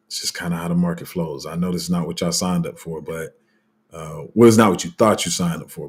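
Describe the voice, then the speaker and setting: A man's voice: low-pitched, darkish tone, slightly rough. A man hosting his own channel, talking in loose unscripted commentary, blunt and casual, often losing his place and filling gaps with ums. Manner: rambling, loses his place, heavy fillers; blunt, street-casual speech. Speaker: crypto channel host.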